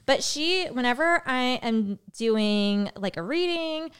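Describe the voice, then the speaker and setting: A woman hosting a podcast interview, chatting casually, giggling and adding quick asides. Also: high voice, lively intonation, clear, resonant tone. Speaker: podcast host.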